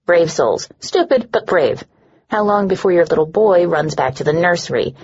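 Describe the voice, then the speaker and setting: A woman's voice: lowish voice, expressive, moderate pace, darkish tone, husky, muffled recording. A woman doing a scornful, bitter young woman. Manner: sneering, scornful.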